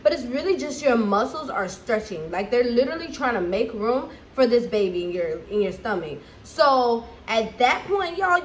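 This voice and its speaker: A woman's voice: a little high, slight background noise. Chatty pregnant young woman. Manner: candid, chatty, animated asides. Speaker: vlogger. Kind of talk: casual chat to camera.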